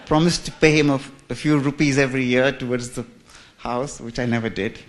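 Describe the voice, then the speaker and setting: A man's voice: mid-range voice, steady tone, brisk. A man from India, telling his life story in a church with humour and self-mockery. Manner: humorous, self-mocking, chuckling. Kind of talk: storytelling talk.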